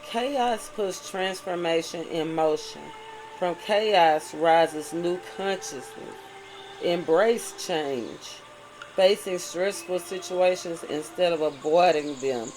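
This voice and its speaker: Spiritual tarot reader, preachy, reads aloud then comments, mid-pitched voice, music playing clearly underneath. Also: slow, poor audio. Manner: preachy, often asks "right?"; mixes reading aloud with heartfelt spiritual commentary. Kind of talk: spiritual tarot reading monologue.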